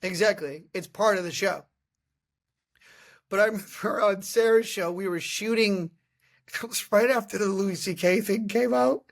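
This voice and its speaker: A man in his thirties hosting a podcast, telling comic stories in a casual, animated way and often laughing. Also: sits high, moderate pace, gravelly. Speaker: podcast host. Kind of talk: casual comedic storytelling.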